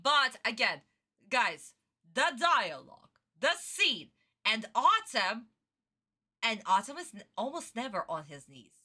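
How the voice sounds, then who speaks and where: A woman streamer giving excitable, foul-mouthed reaction commentary on a cartoon, talking close into her own microphone from bed. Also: a little high, takes it slowly. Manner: excitable, swears freely, exaggerated outrage. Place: in bed at home. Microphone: own desk microphone, close.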